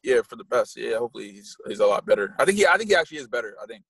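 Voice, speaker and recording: A man talking in a casual podcast chat, animated and slangy, cursing as he makes his points. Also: racing, creaky, low-quality recording. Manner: animated, swearing, slangy, jumps into high-pitched imitations.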